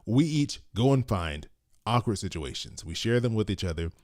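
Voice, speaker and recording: A man's voice: lowish voice, big pitch swings, moderate pace, darkish tone. A man co-hosting a casual podcast chat, who explains things at length and laughs often. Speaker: co-host.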